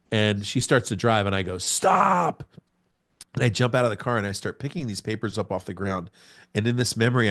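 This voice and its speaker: A man in his forties sharing a personal testimony on a podcast. His voice sits on the low side, and he tells it like a storyteller, acting out moments with sound words. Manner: animated storyteller, acts out scenes with sound words. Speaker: podcast guest.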